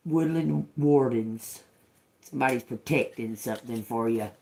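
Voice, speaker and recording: A man reading tarot cards for his viewers, taking his time and turning each word over slowly. He repeats phrases as he goes and calls his listeners y'all. A faint hiss of noise sits under his voice. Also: lowish voice. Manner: slow, musing, repeats words as he reads cards. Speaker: tarot reader.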